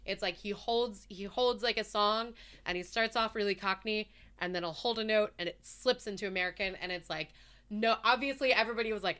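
A woman's voice: medium pitch, fairly quick, fairly bright tone. A woman co-hosting a casual podcast, ranting animatedly about a film, swearing and laughing as she goes. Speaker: podcast co-host. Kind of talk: casual chat, ranting movie review.

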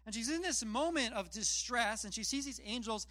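A man's voice: extremely high pitch, lively intonation, moderate pace, bright, forceful tone, no echo. A man preaching a casual sermon, retelling scripture in plain, chatty storytelling with self-deprecating asides. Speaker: pastor.

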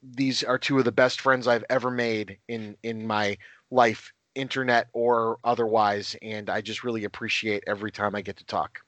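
A man's voice: on the low side, little pitch movement, moderate pace, a bit bright, no room sound. A man guesting on a podcast, chatting casually and enthusiastically, with many fillers and restarts.

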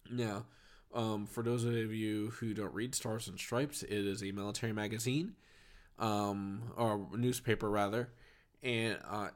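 A man, a veteran, giving casual, emphatic opinion commentary and often checking in with his viewers. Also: lowish voice. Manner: fast, emphatic, keeps checking in with "okay?" and "right?".

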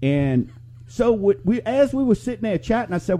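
A man's voice: sits high, wildly swooping pitch, normal speed, mellow. A middle-aged man hosting a live talk radio show, chatting and telling rambling stories to listeners. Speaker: radio show host and mortgage lender.

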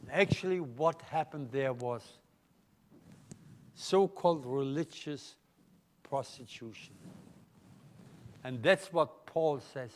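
Slow emphatic German-accented older pastor. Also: male voice, fairly high pitch, animated, a bit bright. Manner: emphatic, questioning the congregation. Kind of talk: live sermon. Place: church.

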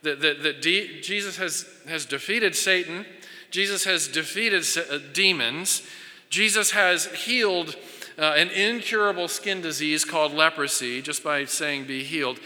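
In an unhurried sermon, a pastor with a bright, ringing voice, slightly higher than typical for a man, preaches earnestly. He keeps circling back, repeating and restarting phrases as he works toward his point, while a large hall gives his words a long, trailing reverb.

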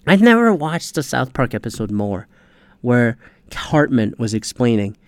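A man's voice: medium pitch, very animated, measured pace, clear, resonant tone. Profane, ranting man on a podcast. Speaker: podcast host. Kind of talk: casual podcast rant.

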